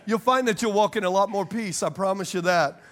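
A male pastor preaching a sermon to a congregation, telling animated, joking stories and laughing often. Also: high-pitched, a little fast. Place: church service before a congregation.

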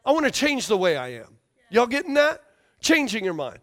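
A man's voice: extremely high pitch, wildly swooping pitch, brisk, fairly bright tone. A man preaching a sermon to a congregation, emphatic, repeating key phrases and checking that they follow him. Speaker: pastor.

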